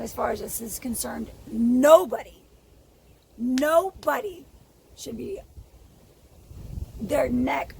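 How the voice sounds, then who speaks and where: A high-voiced woman rants angrily to her phone camera. Her voice is hoarse, gravelly and out of breath, and she swears bluntly, dropping to a whisper and then breaking into shouts. Clear noise from outdoors sits behind her. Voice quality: hoarse, froggy voice. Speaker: vlogger. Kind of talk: angry personal rant. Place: outdoors in sunlight.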